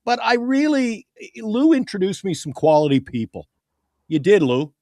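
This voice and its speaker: A man co-hosting a casual sports chat, telling stories with a joking, animated manner over a video call. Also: high voice, moderate pace, no room sound. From Canada. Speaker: co-host.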